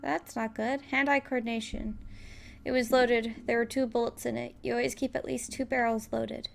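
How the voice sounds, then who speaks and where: A woman's voice: fairly high pitch, little pitch movement, normal speed, gravelly. A woman giving playful, casual commentary while playing a game, reading its text aloud and laughing often. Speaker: let's player.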